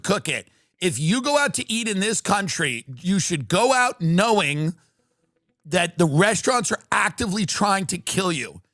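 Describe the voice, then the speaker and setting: A man's voice: high-pitched, dry recording, clean studio sound. A middle-aged man from New York, telling rambling, jokey stories on a live stream. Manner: rambling, animated, jokey rants with quoted impressions. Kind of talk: casual live-stream storytelling.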